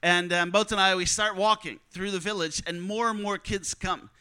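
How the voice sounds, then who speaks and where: A man's voice: high voice, fairly even intonation, normal speed, sharp tone, clear, resonant tone, rough recording. A man telling a personal testimony story, vividly acting out the dialogue of the people in it. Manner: vivid storyteller who acts out quoted dialogue. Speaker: speaker telling a mission testimony.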